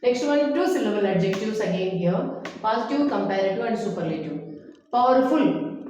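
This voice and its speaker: A woman's voice: medium pitch, lively intonation, normal speed, darkish tone, slight background noise. A woman teacher, going through a grammar lesson and repeating word lists. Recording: echoey room, dull lo-fi sound.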